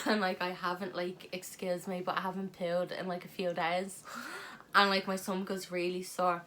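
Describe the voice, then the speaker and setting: A young woman with a slightly low voice tells stories in a relaxed vlog chat. She is blunt and swears freely. She laughs easily as she talks. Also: moderate pace, a little hiss or hum. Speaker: vlog co-host. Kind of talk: casual storytelling chat.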